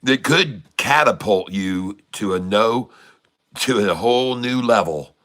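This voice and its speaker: On his casual livestream, a middle-aged host cracks puns and laughs a lot in a jokey way. His lowish voice is expressive and slow with a bit of brightness.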